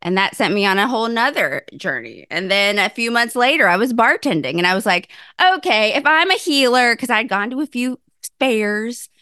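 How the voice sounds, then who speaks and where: A woman's voice: fairly high pitch, lively intonation, normal speed, sharp tone, dry recording, clean studio sound. A woman in her thirties telling her own story in casual chat, acting out her own quotes with big swings in voice and swearing freely.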